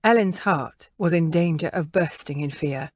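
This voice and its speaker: A woman narrating a historical novel in a measured, expressive reading. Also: low voice, no echo, clean studio sound. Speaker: audiobook narrator. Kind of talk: scripted narration.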